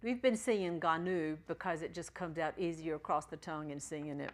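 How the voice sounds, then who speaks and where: A woman teaching a church class, patiently spelling out letters and sounding out syllables slowly. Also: low voice. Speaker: Bible Greek teacher.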